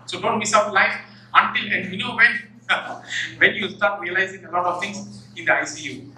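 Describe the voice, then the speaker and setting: A professor talks to an audience, his high voice very bright and cutting. He tells funny stories and acts out little scenes as he goes. The sound is distant and echoey, as in a large hall. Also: moderate pace. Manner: animated, humorous storytelling, acts out little scenes. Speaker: professor giving a public talk. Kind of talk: motivational talk. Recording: echoey hall, far from the mic.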